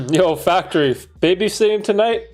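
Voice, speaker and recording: A man hosting a casual livestream, laid-back and playful with slangy banter, gentle when he talks to young children. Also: high voice, lively intonation, normal speed. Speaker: livestream host.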